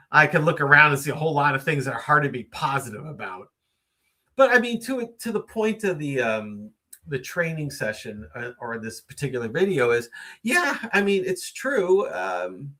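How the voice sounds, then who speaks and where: A man's voice: mid-range voice, bright, forceful tone. A man hosting a casual late-night live stream, musing at length with many fillers and reading out viewer comments. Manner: reads viewer comments aloud and greets viewers.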